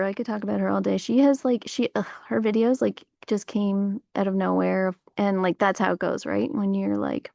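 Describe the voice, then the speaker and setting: Woman host with a gravelly, mid-pitched voice, chatting loosely outdoors in a rambling, spiritual way. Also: warm tone, dry recording, clean studio sound. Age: adult parent. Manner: meandering, heavy on fillers, spiritual musings. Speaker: livestream host. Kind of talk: casual rambling monologue. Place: outdoors on a warm day.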